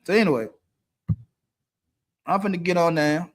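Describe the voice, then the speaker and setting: Middle-aged man, blunt live-stream host who preaches and repeats himself; fairly high voice. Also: moderate pace. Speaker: livestream host. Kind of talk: live-stream dating advice talk.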